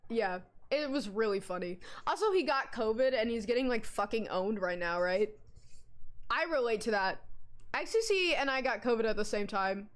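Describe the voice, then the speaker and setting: Excitable young woman rambling on stream. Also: sits high. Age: young adult. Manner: rambling, excitable, giggly, swears casually. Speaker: livestreamer. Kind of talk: casual live-stream chat.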